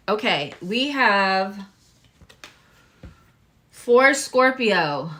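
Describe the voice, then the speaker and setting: A woman hosting a live tarot and astrology reading in a chatty, candid way, swearing freely and now and then dropping into hushed asides. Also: mid-range voice, very slow.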